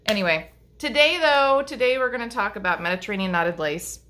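A woman's voice: medium pitch, animated, fairly quick, pushed and bright, a little hiss or hum. A middle-aged woman chatting casually to camera about her lace-making, rambling with lots of ums and restarts. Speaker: lace-making vlogger and teacher. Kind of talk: casual chat showing crafts to camera.

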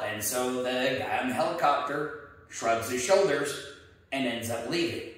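A man's voice: medium pitch, measured pace, fairly bright tone. A man, a martial arts instructor, chatting earnestly and telling a joke story. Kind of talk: casual chat with storytelling. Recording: echoey room, mic at a distance.

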